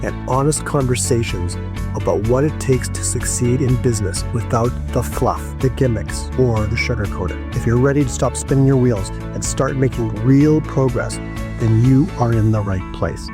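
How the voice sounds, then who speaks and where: A man's voice: medium pitch, normal speed. A middle-aged man delivering a scripted podcast intro in a firm, direct way. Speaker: podcast host. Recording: music playing behind.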